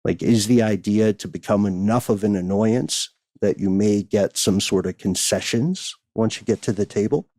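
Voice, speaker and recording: A man's voice: fairly low pitch, normal speed, hardly any pauses, mellow, no echo, clean studio sound. An American man co-hosting a podcast, reading listener mail in casual banter with wry asides. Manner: chatty, wry, thinks aloud with asides.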